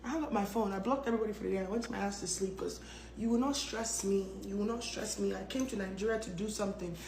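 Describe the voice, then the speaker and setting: A woman's voice: medium pitch, fast, a little mellow, reverberant, slight background noise. A woman telling a story in a casual vlog, dramatic and blunt, with plenty of swearing. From United States. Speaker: storytelling vlogger.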